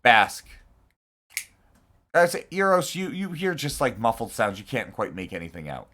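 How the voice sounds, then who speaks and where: A man's voice: mid-range voice, very animated, fairly quick, a bit bright. A man narrating as game master of a tabletop game, loose and joking. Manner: laughs often, loose and joking.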